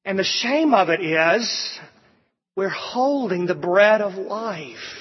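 A man's voice: high-pitched, animated, a little slow, slightly rough. A man preaching a sermon, quoting scripture and building through repeated appeals. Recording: dull sound with long hall reverb.

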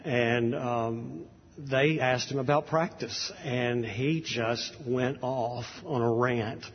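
Conversational pastor in an echoing hall. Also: male voice, mid-range voice, takes it slowly. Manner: conversational and anecdotal, with frequent fillers. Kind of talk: sermon introduction. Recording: dull audio in a reverberant hall.

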